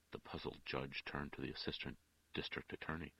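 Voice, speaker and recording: Very deep, gravelly male storyteller. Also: no echo. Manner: measured, expressive storytelling. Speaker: narrator. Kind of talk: audiobook reading. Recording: dull, dry lo-fi recording.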